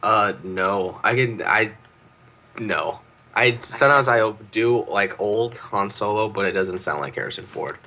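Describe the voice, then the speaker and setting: A man's voice: on the low side, measured pace, pushed and bright, slight background noise. A teenage man guesting on a casual podcast, laid-back with short replies. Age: teens. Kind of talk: casual chat.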